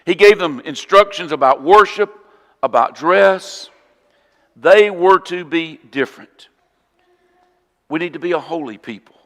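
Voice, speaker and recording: A man with a Southern US accent preaching a sermon in an earnest, emphatic way, often dropping to a quiet voice. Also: a little high, a little slow, long pauses, big-room sound. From southern United States. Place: church auditorium.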